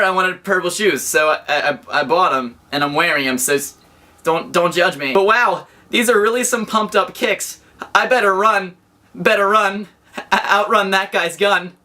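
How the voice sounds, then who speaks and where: A young American man vlogging casually from his bedroom, excitable and jokey, rambling with frequent restarts. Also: high-pitched. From United States. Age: young adult. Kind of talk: casual vlog to camera. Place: bedroom indoors.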